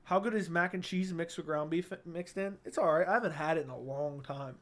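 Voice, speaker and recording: A man's voice: a little high, a little fast, fairly bright tone. A young man hosting a casual livestream on a studio mic, reading chat comments aloud and joking in a laid-back way. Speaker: livestream host. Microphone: studio dynamic mic.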